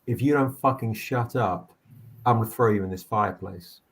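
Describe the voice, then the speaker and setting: Guy doing a gruff mercenary thug, threatening and quiet, tabletop game. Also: fairly low pitch, moderate pace, close to an everyday voice. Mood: menacing. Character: surly adult male human mercenary thug.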